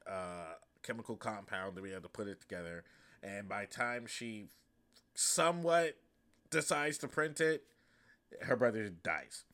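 A man hosting a podcast, giving a casual, comedic movie recap in a profane, slangy, animated way. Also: lowish voice, moderate pace. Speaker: podcast host.

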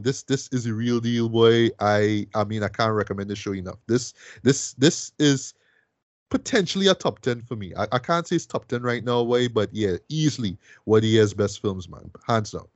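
A man's voice: medium pitch, no echo. Male podcast host, eager casual film review, dry close sound, mid voice. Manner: enthusiastic, many fillers like "right?" and "boy".

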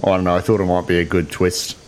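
A man's voice: low-pitched, monotone, quick pace. A man playing a tabletop game, chatting casually with constant swearing and jokes. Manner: profane, joking. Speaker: player. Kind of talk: casual chat.

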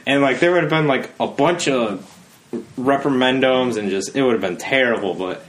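A man's voice: medium pitch, normal speed, fairly bright tone. A young man hosting a podcast, chatting casually, rambling with lots of fillers and acting out quotes. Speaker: podcast host. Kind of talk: casual chat.

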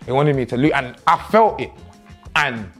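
A man, telling the story of his own boxing match in a slangy, animated, self-mocking way. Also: mid-range voice, moderate pace, soft background music. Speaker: boxer reviewing his own fight. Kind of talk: casual storytelling commentary.

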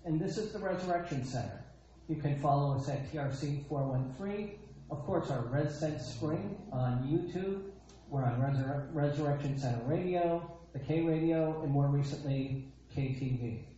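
A man's voice: fairly high pitch, normal speed, warm tone, slight background noise. A man preaching a sermon, emphatic, repeating his phrases and asking rhetorical questions. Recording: echoey dull lo-fi sound.

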